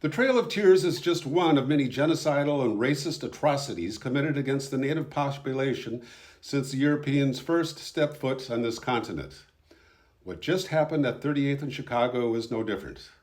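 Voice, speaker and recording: A man narrating his own documentary in a voice-over, calm, reflective and somber. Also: medium pitch, normal speed.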